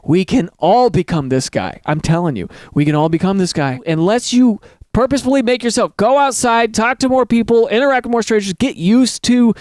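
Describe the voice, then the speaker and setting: A man hosts a podcast and riffs through a story in a loose, rambling, joking way. His voice sits high and swings widely up and down. The sound is dry, with no room echo. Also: animated, brisk, a little mellow. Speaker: podcast host. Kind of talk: casual comedic storytelling.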